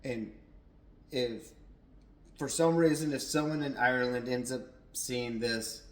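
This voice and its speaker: A man's voice: mid-range voice, steady tone, a little slow, roomy sound, poor audio. A young adult man giving a casual, rambling whiskey tasting review at home, a little tipsy, with lots of fillers and restarts.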